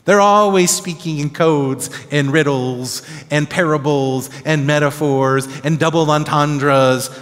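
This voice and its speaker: A male pastor gives an animated, conversational Bible teaching in a fairly high voice. His words ring with the long reverb of a church hall. He keeps checking in with his listeners as he goes. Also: slow, hardly any pauses. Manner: animated, conversational, acts out disciples' reactions with tag questions.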